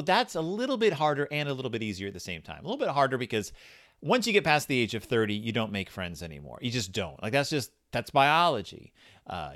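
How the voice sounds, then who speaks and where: A man's voice: medium pitch, fairly bright tone. A man past thirty hosting a comedy podcast, rambling through a children's question book in a self-deprecating, mock-exasperated monologue.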